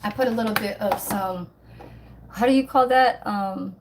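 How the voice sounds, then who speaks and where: A woman's voice: mid-range voice, moderate pace, noisy background. A woman hosting a casual cooking livestream at home, chatting with her viewers while she cooks and swearing now and then. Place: home kitchen, then outdoors.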